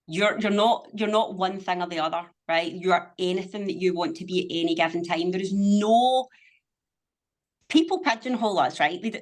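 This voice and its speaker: Woman on a podcast, fired up and motivational, swears a lot. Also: lowish voice. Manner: emphatic, motivational, swears freely. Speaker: podcast guest, business owner. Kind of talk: casual conversation.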